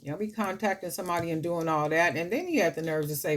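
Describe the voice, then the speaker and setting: A woman's voice: fairly low pitch, expressive, fast talker, few pauses. A woman hosting a jewelry-making video, chatting and rambling as she works, her voice dropping and drifting away from the mic as she handles beads. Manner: rambling, chatty storytelling, talks to viewers as family. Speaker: jewelry-making channel host. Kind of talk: casual chat while crafting.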